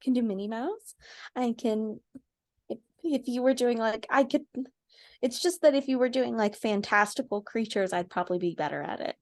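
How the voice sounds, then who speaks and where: A young woman with a slight Southern twang chats on a podcast in a playful, giggly way. Her voice sits a little high, and the sound is close and dry with no room echo. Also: moderate pace. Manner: playful, giggly, tries out silly accents. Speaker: podcast co-host. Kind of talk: casual chat.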